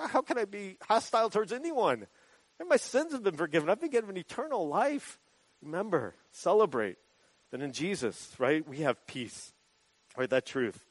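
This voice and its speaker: A man's voice: fairly high pitch, dry recording, poor audio. A man preaching a sermon as pastor, in a conversational way that keeps checking in with the listeners. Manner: conversational, often adds "right?" as a check-in.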